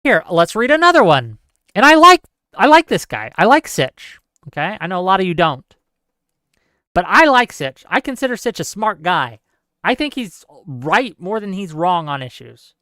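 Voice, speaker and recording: A talk show host giving emphatic, argumentative commentary and rebutting viewer comments, often adding quick tag questions. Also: medium pitch, very animated, sharp tone, dry recording, studio quality. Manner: frequent tag questions and fillers. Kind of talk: live call-in commentary, reading viewer comments.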